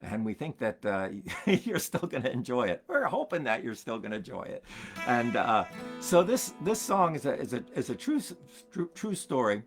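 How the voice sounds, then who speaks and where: An older man, a folksinger hosting his own stream, telling stories in a halting way, repeating words and chuckling as he goes. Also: mid-range voice, sing-song, soft background music. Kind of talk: rambling storytelling to an online audience.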